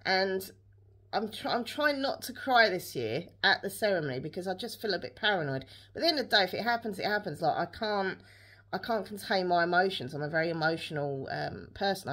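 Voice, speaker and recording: A woman's voice: lowish voice, lively intonation, fairly quick, a bit bright. A young woman, chatting casually to camera in a rambling day-in-the-life vlog, full of fillers and restarts. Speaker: vlogger.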